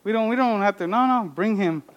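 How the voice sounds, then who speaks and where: A man's voice: high voice, fairly quick, dull audio, voice pushed up, natural voice. A man voicing a flustered father who stumbles over his words about his youngest son. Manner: hesitant, stammering. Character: flustered older father Jesse.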